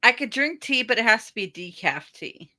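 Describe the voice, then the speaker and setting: A woman's voice: on the high side, expressive, moderate pace, sharp tone. A woman originally from the American South chatting on a podcast in a matter-of-fact way. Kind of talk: casual podcast chat.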